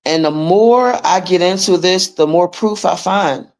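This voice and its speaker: A woman's voice: fairly low pitch, unhurried, a little mellow, soft background music. A woman hosting a livestream, ranting in a blunt, profane and emphatic way as she urges listeners to take charge of their money. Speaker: livestream host teaching finance paperwork. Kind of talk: casual livestream rant.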